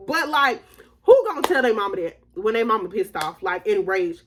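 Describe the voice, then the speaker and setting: A woman's voice: medium pitch, very animated, a little slow, pauses often, slight background noise. A young adult woman telling her viewers a story in a slangy, casual storytime, often laughing as she talks. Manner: chatty and slangy, addressing viewers as y'all.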